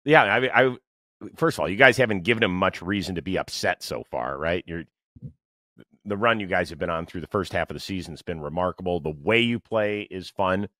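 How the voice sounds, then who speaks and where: A male sports podcast host with a slightly low voice asks a player chatty, eager questions. His voice sounds dry and close, with no room around it. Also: brisk, sharp tone, no echo. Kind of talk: sports talk interview.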